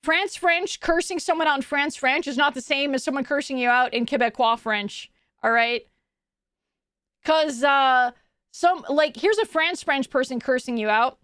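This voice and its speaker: A woman's voice: high-pitched, moderate pace, a bit bright, dry recording, studio quality. A woman streamer chatting casually with her viewers, laughing often and swearing freely.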